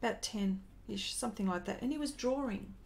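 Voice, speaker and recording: During a casual live stream, a woman in her forties, an artist and host, tells a rambling story and breaks off to greet viewers. Her voice is fairly high, gravelly and darkish in tone, and she talks briskly.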